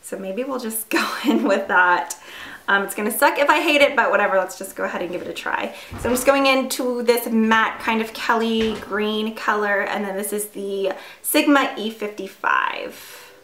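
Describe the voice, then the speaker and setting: A woman's voice: fairly high pitch, normal speed, fairly bright tone. A woman in her twenties chatting casually through a makeup tutorial, full of fillers and self-deprecating asides. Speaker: beauty vlogger. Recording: echoey room.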